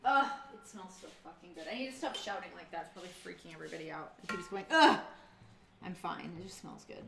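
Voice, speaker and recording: A woman's voice: fairly low pitch, expressive, fast talker, vocal fry, a bit bright, faint music behind. A woman streamer chatting casually with viewers while cooking in her home kitchen, answering chat and swearing freely.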